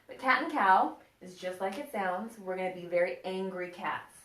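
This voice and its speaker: A woman's voice: mid-range voice, animated, normal speed, fairly bright tone. A woman teaching a children's yoga class, playful and encouraging as she guides them through poses and breathing. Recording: echoey room, mic at a distance.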